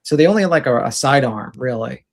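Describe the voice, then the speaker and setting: Brief: man co-host, mid-pitched, rambling and chatty, storytelling with restarts. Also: lively intonation, quick pace, gravelly. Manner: rambling storyteller, gives advice. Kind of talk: casual chat.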